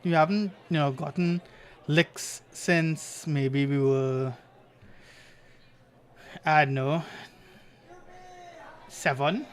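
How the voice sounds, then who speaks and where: A man's voice: fairly high pitch, very slow, long pauses. A man co-hosting a podcast, telling stories in casual chat and laughing often. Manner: storytelling, animated, laughs often. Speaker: podcast co-host.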